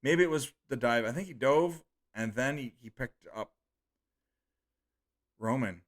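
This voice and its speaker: A man hosts a live stream, reading viewer comments aloud and reacting in a loose, offhand way. His voice sits in an ordinary middle pitch, and he swears freely and trips over unfamiliar names as he goes. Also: a little slow. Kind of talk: casual live-stream chat.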